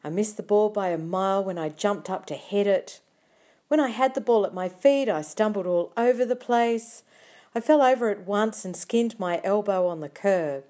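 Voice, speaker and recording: A woman reading a novel aloud in the first person, with quiet, measured storytelling. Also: mid-range voice. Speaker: audiobook narrator. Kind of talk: first-person audiobook narration.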